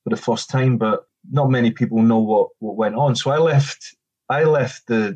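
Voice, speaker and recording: A man's voice: mid-range voice, a little fast, a little mellow, husky, dull audio. A middle-aged man and former footballer telling a casual anecdote, acting out the quoted dialogue with frequent restarts.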